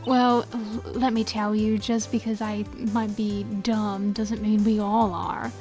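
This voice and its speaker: A woman's voice: medium pitch, flat delivery, slow, music in the background, close to an everyday voice. A woman putting on a brash Southern country gal. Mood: scolding. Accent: put-on American Southern drawl. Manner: scolding, folksy, drawling. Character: brash country woman photographer, loud and bossy.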